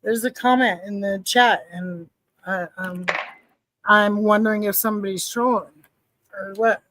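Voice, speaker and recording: A woman's voice: mid-range voice, steady tone, measured pace, fairly bright tone, dry recording, poor audio. A woman hosting a casual livestream chat, playful and trailing off with fillers as she reads the chat. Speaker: podcast host reading the chat.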